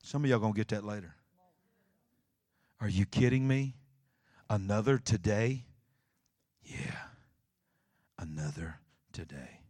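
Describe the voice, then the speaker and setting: A male pastor preaching a sermon, telling a story with dramatic swings from hushed to shouting. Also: fairly low pitch, takes it slowly, long pauses, no echo, clean studio sound. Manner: animated storytelling, acting out scenes, swinging from quiet to shouting.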